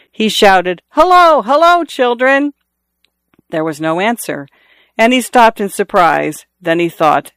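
A man reading a novel aloud in a measured storytelling manner, lifting his voice for characters' calls. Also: clear, resonant tone, no echo, studio quality. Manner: measured storytelling, lifts pitch for quoted calls. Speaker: audiobook narrator. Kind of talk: scripted narration.

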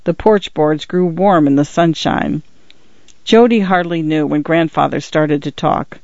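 A man narrates an audiobook in a measured, even way, his voice a little high for a man. The recording sounds dull and lo-fi and completely dry, with no room sound. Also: gravelly, no echo.

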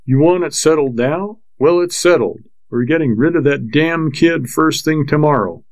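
A man reading a novel aloud, voicing a drunken husband whose slow, fuzzy speech turns shaky with fury. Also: mid-range voice, expressive, a little mellow, no echo, low-quality recording. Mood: furious. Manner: slurred and slow, then shaking with fury. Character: drunken, violent frontier husband, grown man. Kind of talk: audiobook character voice.

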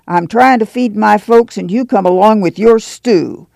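Man voicing proud bitter mother, curt rural speech, gravelly, dark tone. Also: high voice, unhurried, no echo, clean studio sound, voice pushed up. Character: proud, bitter migrant mother, cold and defensive.

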